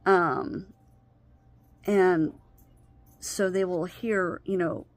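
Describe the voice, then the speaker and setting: Woman vlogger, lowish voice, candid talk to camera, pauses and restarts as she loses her thread. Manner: halting, loses her train of thought. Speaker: vlogger sharing personal experience.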